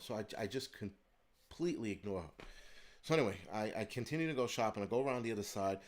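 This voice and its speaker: A man's voice: fairly low pitch, quick pace. Fired-up profane man. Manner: profane, heated, animated. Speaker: host of a prepping channel. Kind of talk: ranting storytelling monologue.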